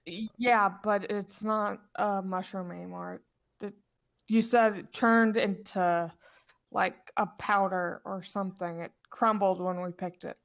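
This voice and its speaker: A woman's voice: mid-range voice, steady tone, vocal fry. A woman playing a tabletop game, speaking hesitantly as her character. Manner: hesitant, unhurried. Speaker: player.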